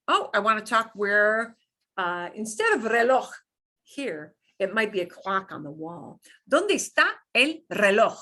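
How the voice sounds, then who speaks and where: Slow, bright-voiced woman teaching Spanish. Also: medium pitch. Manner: patient, explains slowly with examples and repetition. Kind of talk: classroom lesson.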